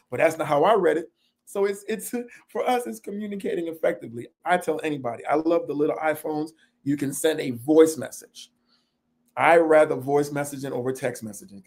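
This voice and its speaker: A man's voice: on the high side, darkish tone. Earnest, self-deprecating man in discussion. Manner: earnest and self-deprecating, laughs while telling stories. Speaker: panel guest. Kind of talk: candid panel discussion.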